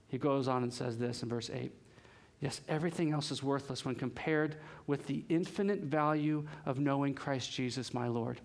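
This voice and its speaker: Young man preaching, fairly high voice, animated, chatty asides. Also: gravelly. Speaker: pastor. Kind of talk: sermon.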